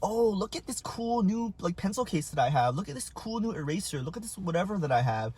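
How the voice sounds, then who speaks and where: A man voicing a whiny, boastful young schoolboy in a raised, shrill tone. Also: sing-song, brisk, darkish tone, breathy edge, heavily acted. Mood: bragging.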